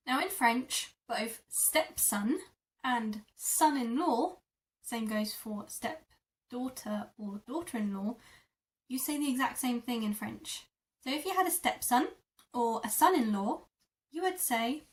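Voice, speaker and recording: A woman teaches a repeat-after-me language lesson, very slow and deliberate, and says each word clearly several times. Her voice sits a little high. She sounds a little away from the microphone. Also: recorded from a distance. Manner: slow, careful demonstration of words. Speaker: French teacher.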